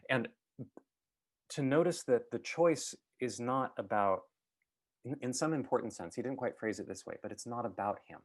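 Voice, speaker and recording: A man giving a reflective talk as a guest speaker, thoughtful and halting, with many fillers and restarts. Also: medium pitch.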